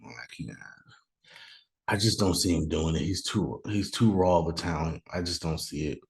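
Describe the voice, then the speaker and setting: Low-voiced man musing over a mock draft. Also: normal speed. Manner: thinks aloud, chatty, sudden mock outrage. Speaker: podcast host doing a mock draft. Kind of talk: casual solo commentary. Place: room at home, noise outside.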